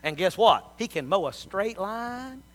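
A middle-aged man preaching a sermon, telling folksy family stories and swinging from soft asides to loud appeals. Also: high voice, big pitch swings, unhurried. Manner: folksy storytelling with big swings in loudness.

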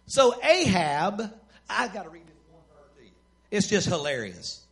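A preacher with a very high voice, folksy and emphatic, who tells scripture stories plainly and then drives points home with shouts. His tone is bright and forceful, and his delivery is full of conviction. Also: sing-song, measured pace. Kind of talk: sermon.

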